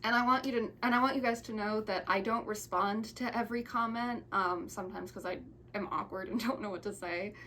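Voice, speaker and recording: A woman's voice: mid-range voice, fairly quick, bright, forceful tone. A young woman of about twenty talks straight to her viewers in a loose, heartfelt vlog. She restarts and trips over her sentences as she goes. A faint background hiss sits under her voice. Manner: rambling, restarts and stumbles, sentimental. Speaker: YouTuber. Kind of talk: casual thank-you vlog.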